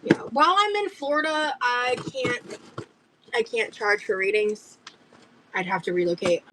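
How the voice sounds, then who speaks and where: A young woman livestreaming as she opens gifts, talking in gushing, breathy exclamations full of fillers. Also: on the high side, unhurried, background noise. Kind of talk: casual livestream chat.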